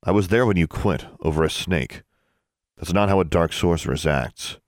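A man's voice: sits low, moderate pace, no echo, studio quality. A man voicing an earnest, slightly awkward teenage wizard boy.

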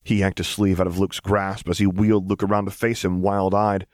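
A man narrating a fan fiction audiobook in a steady, even reading. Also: low-pitched, fairly quick, no room sound, studio quality.

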